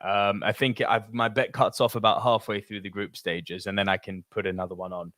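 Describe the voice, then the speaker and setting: A man's voice: fairly low pitch, level tone, a little fast, a bit bright, a little hiss or hum. A man from France co-hosting a podcast in casual chat, reading out listener messages, laughing and swearing easily. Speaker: podcast co-host.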